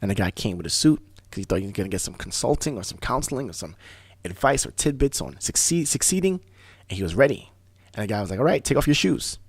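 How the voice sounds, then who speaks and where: A man hosting a talk radio show, telling stories in a casual, animated way, often restarting words. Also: on the low side, slightly rough, dry recording. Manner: animated storyteller, fast bursts, repeats and restarts words. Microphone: studio microphone.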